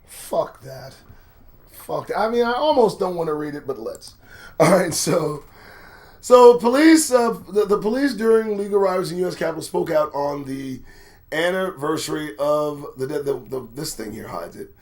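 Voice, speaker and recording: A man hosting his own show, reading news aloud and commenting in a profane, animated way, swinging from muttered asides to near shouts. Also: fairly high pitch, normal speed. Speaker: host.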